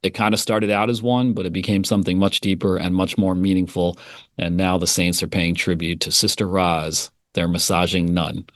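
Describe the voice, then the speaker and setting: A man with a fairly low voice hosts a podcast in a loose, chatty way, leaning on fillers as he sets up his questions. The recording is close and dry, with no room sound. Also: moderate pace, no echo. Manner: relaxed, conversational, with frequent fillers. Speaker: podcast host. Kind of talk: casual interview podcast.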